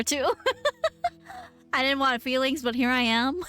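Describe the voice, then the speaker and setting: A young woman streamer chatting casually and reading game text aloud, emotional and animated, swearing and squealing. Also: a little high, a little slow, long pauses, faint music behind.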